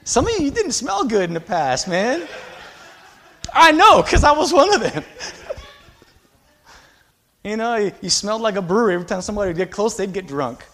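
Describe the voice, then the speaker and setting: A male pastor preaching a sermon with passion, swinging between loud exhortation and quiet, confiding asides. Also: high-pitched, sing-song, moderate pace, long pauses.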